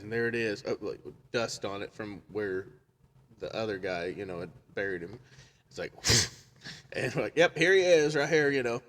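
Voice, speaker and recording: A man with a lowish voice tells a funny story in a casual chat, laughing often and animatedly acting out the people in it. A slight hiss or hum sits in the recording.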